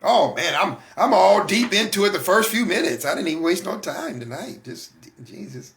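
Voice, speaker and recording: A man with a high, bright voice and a gravelly edge talks casually to his listeners. He fires rhetorical questions at them and often stumbles over repeated words before pressing on. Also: lively intonation, moderate pace, a little hiss or hum. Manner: conversational, asks the audience rhetorical questions. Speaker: host of a faith talk broadcast. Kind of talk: casual spoken monologue.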